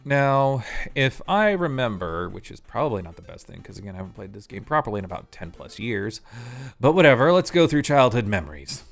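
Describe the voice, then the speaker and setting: A man's voice: on the low side, sing-song, fairly quick, gravelly, soft background music. A man streaming a video game live, chatting casually, joking, laughing and swearing as he reads the game's text aloud. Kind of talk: casual live gameplay commentary.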